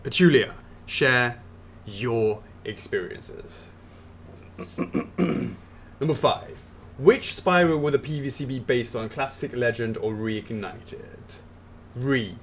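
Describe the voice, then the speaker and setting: A man's voice: medium pitch, takes it slowly, pauses often, a little hiss or hum. A man hosting a casual Q&A stream, reading viewer questions aloud and answering them offhand. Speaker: host answering fan questions. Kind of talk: casual livestream Q&A.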